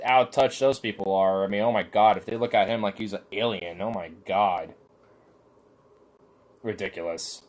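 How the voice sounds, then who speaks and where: A man with a somewhat low voice rants casually, rambling from point to point. He swears freely and fills every pause with "like". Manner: profane, rambling, heavy use of filler "like". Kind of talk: casual rant.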